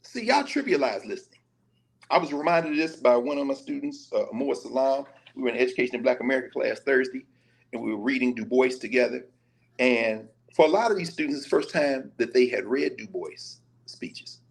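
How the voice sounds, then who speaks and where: A professor from Nashville, Tennessee, gives lively conversational commentary in a medium-pitched, brisk, creaky voice. His animated storytelling slips into quoted dialogue and casual Black vernacular.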